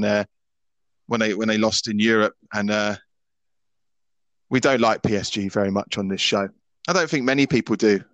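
A man's voice: medium pitch, fairly bright tone, no room sound. A Scottish man in his thirties hosting a football podcast in casual chat. He is opinionated and often stammers and restarts his sentences. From Scotland. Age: 30s.

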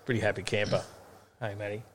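A middle-aged Australian man co-hosts a casual live-stream chat, his voice sitting on the low side with a steady tone and a quick pace. He's laid-back and joking, full of ums and repeated words.

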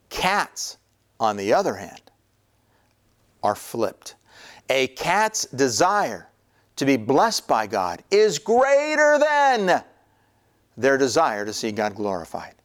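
A man's voice: on the high side, big pitch swings, slow, clear, resonant tone. A male preacher teaching in an emphatic sermon style, repeating key lines and slipping in jokes. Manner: emphatic, repetitive, jokey.

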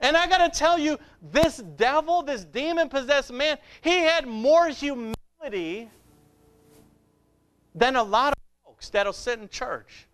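A man's voice: very high voice, lively intonation, a little slow, a bit bright. A male pastor preaching a fiery sermon, emphatic and repetitive, with rhetorical questions.

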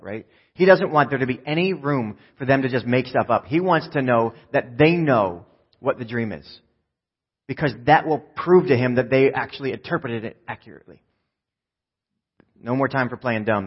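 A man preaching a sermon, retelling a scripture story with lively storytelling and acting out the characters' lines. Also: medium pitch, fairly quick, slightly rough, muffled recording. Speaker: pastor.

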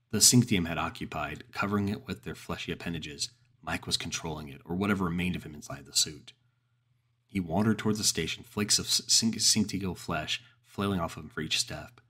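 Man, very deep voice, husky, horror story narration, slow, grave. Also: a bit bright. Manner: slow, grave first-person telling.

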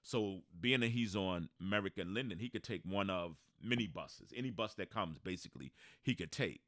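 New guy, low voice, storytelling on a podcast, doing all the voices, dry mic. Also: normal speed, dry recording. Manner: animated storyteller, acts out quoted voices. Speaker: podcast co-host. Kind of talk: casual storytelling chat.

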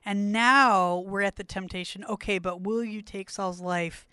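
A woman's voice: mid-range voice, fairly even intonation, unhurried, sharp tone, no room sound. Thoughtful woman musing on scripture. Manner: thoughtful, wondering aloud. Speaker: podcast co-host. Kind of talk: casual Bible study chat.

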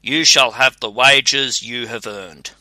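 Brief: a menacing, haughty bottle spirit, voiced by a man, slow and bright-toned, loud. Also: medium pitch, fairly even intonation, no echo. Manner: loud, threatening then pleading. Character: haughty mighty male spirit trapped in a bottle.

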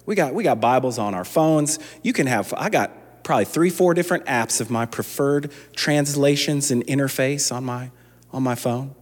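A man's voice: mid-range voice, normal speed. A man preaching a sermon as a pastor, talking conversationally with frequent restarts and building to impassioned emphasis. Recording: long reverb of a large hall.

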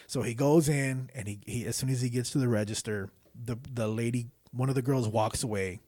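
Animated, swearing man chatting casually. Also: medium pitch, brisk, no echo. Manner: animated, swears often, retells jokes with laughter. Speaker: podcast guest. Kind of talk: casual chat.

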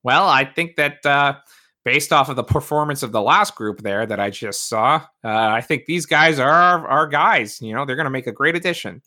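A man's voice: mid-range voice, moderate pace, pushed and bright, natural voice. A man voicing a hesitant, easygoing male guard lieutenant who stumbles over his words. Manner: hesitant, filler-heavy speech.

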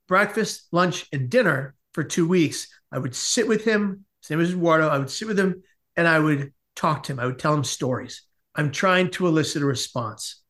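A man, a podcast guest, telling a comic personal story with lively asides. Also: on the high side. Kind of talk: animated storytelling in a podcast interview.

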